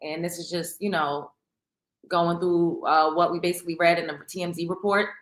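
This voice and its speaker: A woman's voice: on the low side, steady tone, normal speed. A middle-aged woman hosting a casual celebrity gossip commentary, emphatic and opinionated, repeating points for stress. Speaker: show host. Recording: roomy echo.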